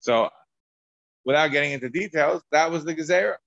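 A man's voice: on the high side, brisk, gravelly, fairly bright tone, no echo. Rambling man teaching Talmud. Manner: discursive, rambling with many restarts and asides. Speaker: Torah class teacher. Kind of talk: Talmud lesson lecture. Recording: dull dry lo-fi recording.

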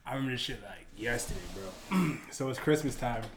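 A man's voice: medium pitch, big pitch swings, fairly quick, creaky, over a noisy crowd. A young man hosting a podcast, telling a story in casual, slangy talk. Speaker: podcast host.

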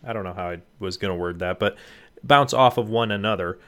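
A young married man co-hosting a podcast in casual chat, animated, with stumbling restarts. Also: fairly low pitch, a little fast. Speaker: podcast co-host.

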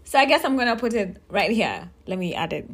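A woman's voice: medium pitch, sing-song, a little fast, fairly bright tone, slightly rough. A young woman hosting a casual solo podcast, chatting in a rambling way that keeps circling back on itself. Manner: chatty, rambling, self-interrupting. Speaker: podcast host.

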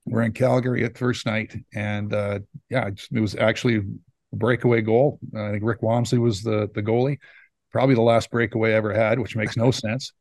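A man's voice: fairly low pitch, little pitch movement, fairly quick, gravelly, a little mellow, no room sound. A man in his fifties, a podcast guest telling rambling stories in a casual way. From Saskatchewan, Canada. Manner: rambling, acts out quotes. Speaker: podcast guest, former hockey player. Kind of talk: casual storytelling.

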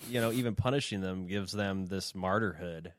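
A man's voice: low voice, moderate pace, no room sound, clean studio sound. A man co-hosting a casual podcast, rambling and profane, often restarting his sentences. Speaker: podcast co-host.

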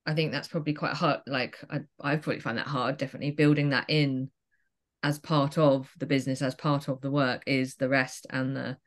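A woman co-hosting a podcast, talking in an unhurried, reflective casual way. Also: a bass voice, level tone. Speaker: podcast co-host.

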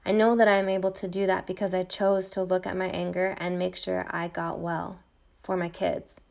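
Brief: middle-aged woman host, gravelly voice, intense monologue with repeated refrains. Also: lowish voice, flat delivery, moderate pace, darkish tone. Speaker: podcast host. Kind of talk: personal monologue, read from a script.

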